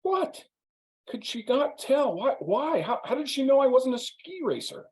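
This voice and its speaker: A man voicing an indignant, stubborn outdoorsy friend in a told story, with his voice pushed much higher and insistent. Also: sing-song, normal speed, a little mellow.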